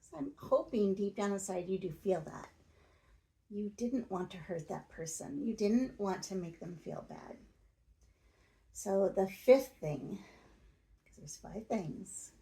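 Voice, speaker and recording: A woman's voice: medium pitch, expressive, slow, vocal fry, dark tone, low-quality recording. A woman talking straight to her audience in a coaching, plain-spoken advice monologue. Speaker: self-help video host.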